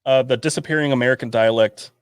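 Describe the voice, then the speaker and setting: A man's voice: mid-range voice, fast, clear, resonant tone, dry recording, clean studio sound. A man co-hosting a podcast, chatting casually and tending to mumble. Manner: mumbling, relaxed. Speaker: podcast co-host. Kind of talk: casual chat.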